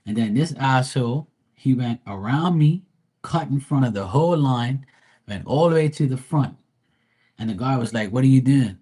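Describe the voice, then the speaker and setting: A man's voice: lowish voice, a little mellow, slightly rough. A man telling a story in a casual, profane rant, acting out quoted lines with animation. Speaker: livestream host. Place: Bermuda.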